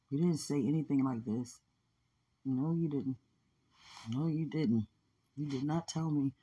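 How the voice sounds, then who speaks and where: A woman talking in a heartfelt, prayerful way about faith and love, often murmuring quiet agreement. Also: very deep voice, breathy edge, dull audio. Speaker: podcast speaker. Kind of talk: casual emotional talk about faith and love.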